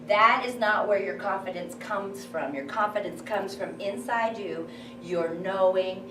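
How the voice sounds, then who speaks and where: In a live workshop for a group, a woman coaches a room full of standing girls, encouraging them through breathing work and loud counting drills to build confidence and voice. Her pitch is medium, heard from a distance in an echoey room with music and background noise.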